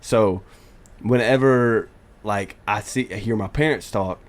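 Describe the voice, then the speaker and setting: A man's voice: lowish voice, a little slow. A man from the American South with a Southern accent, co-hosting a casual podcast and rambling with frequent restarts. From southern Georgia, US. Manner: rambling, trips over words, restarts often. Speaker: podcast co-host. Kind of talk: casual chat.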